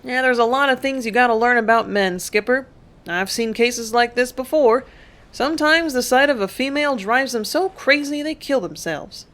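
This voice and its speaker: A reader voicing a coarse, worldly ship's mate who drawls in a knowing way. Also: male voice, extremely high pitch, normal speed, sharp tone, pitched above the performer's own voice.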